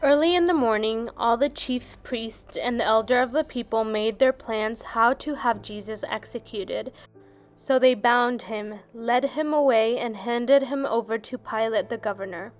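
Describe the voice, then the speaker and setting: A woman giving a steady, solemn scripture reading. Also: on the high side, a little slow, faint music behind. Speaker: scripture reader.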